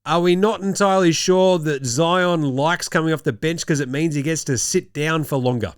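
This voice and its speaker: A man's voice: fairly high pitch, normal speed, clean tone, no echo. A young Australian man hosting a casual basketball show, joking as he rattles off stats. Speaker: host. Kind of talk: casual chat.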